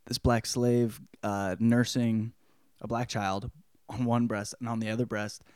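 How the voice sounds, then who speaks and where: A man's voice: mid-range voice, level tone, measured pace, darkish tone, clear, resonant tone, no echo, studio quality. A man hosting a podcast, giving a casual spoken book report in a rambling, joking way with lots of swearing. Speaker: podcast host.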